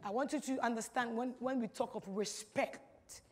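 A woman with a fairly high voice shares a personal testimony in a long-echoing hall. She talks emphatically, repeats her phrases for weight, and moves between hushed lines and loud bursts. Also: normal speed. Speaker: speaker giving a testimony. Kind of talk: personal testimony at a church-style gathering. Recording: reverberant hall.

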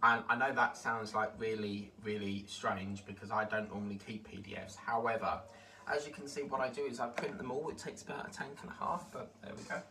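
A man's voice: fairly low pitch, fairly even intonation, a little fast. A man casually chatting through an unboxing of model parts, rambling and easily delighted. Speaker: model-building vlogger. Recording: distant mic with clear background noise.

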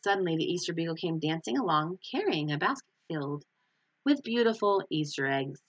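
A woman teacher reading a children's picture book aloud, telling the story expressively. Her voice sits fairly low and moves with lively rises and falls. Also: brisk, husky, dull audio.

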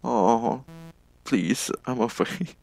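A man giving halting, nervous commentary while playing a game. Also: medium pitch, vocal fry, darkish tone, faint music behind. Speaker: game player. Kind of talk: let's play commentary.

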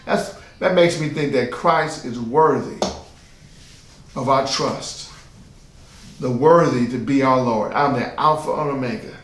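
A man's voice: medium pitch, measured pace, long pauses, reverberant, slight background noise. A man preaching a sermon as pastor, emphatic and repetitive, asking the listeners rhetorical questions.

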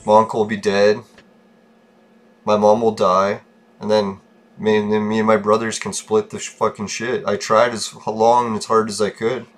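A man's voice: lowish voice, flat delivery, normal speed. A man podcasting alone, venting bitterly in a casual, profane rant. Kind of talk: casual ranting monologue.

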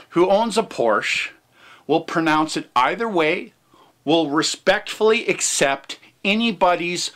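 A man's voice: sits high, bright, forceful tone. Brash, mocking man ranting. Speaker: vlogger. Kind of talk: comic rant to camera.

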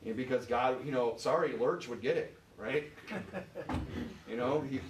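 Preaching a loose sermon in a church sanctuary, this Michigan pastor speaks a little slowly, leaning on "you know" and quizzing his listeners. His ordinary mid-pitched voice sounds distant and rings through the echoey space, with a slight hiss underneath.

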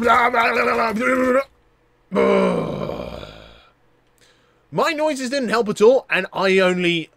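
A young man with a high, bright-sounding voice narrates his gameplay in a loose, joking way. He gets excited quickly and stumbles into stammered restarts as the action unfolds. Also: no echo. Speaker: gaming YouTuber. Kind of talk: casual gameplay commentary.

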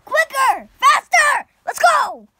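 A performer voicing a squeaky, bossy kid character who yells orders. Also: very animated, slow, slight background noise, heavily acted. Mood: yelling. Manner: shrill yelling.

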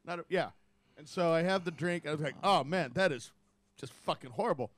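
A man's voice: a little high, fairly quick, no room sound. A man, telling profane rambling stories in casual podcast chat. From United States. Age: 50s. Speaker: podcast host.

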